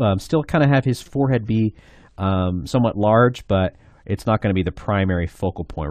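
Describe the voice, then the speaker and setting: Male art instructor, low register, very dry close-mic sound, loose and casual tutorial narration. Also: a little mellow, dry recording. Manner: easygoing, loose delivery with many "kinda" and "um" fillers. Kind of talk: drawing tutorial voice-over.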